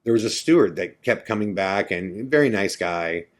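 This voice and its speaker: A man's voice: fairly low pitch, animated, normal speed. A man hosting a podcast, casually telling a first-person story in a chatty, self-correcting way. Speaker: podcast host.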